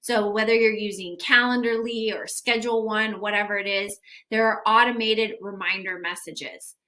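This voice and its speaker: In a mid-range, steady voice with a sharp edge, a young woman speaks at a moderate pace. The instructional video has her coaching gym owners on sales follow-up, keeping things casual and upbeat while acting out sample texts.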